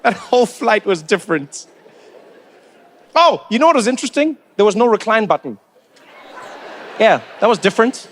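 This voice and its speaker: Animated male comedian. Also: sits high, normal speed, long pauses. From South Africa. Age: 40s. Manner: animated storytelling with incredulous questions. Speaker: stand-up comedian. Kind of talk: stand-up comedy routine.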